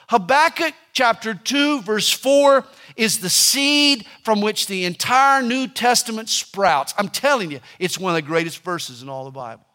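A man's voice: extremely high pitch, pushed and bright. A man preaching a sermon, emphatic and repeating scripture lines with building force.

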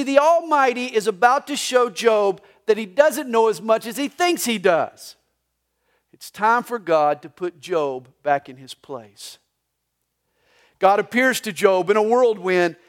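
A man with a Southern US accent delivers a live sermon in a church service. His voice sits high for a man. He swings from loud, lively declarations to quiet, hushed asides. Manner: animated preaching, voices for God and Job, rising and dropping to a hush. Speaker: pastor.

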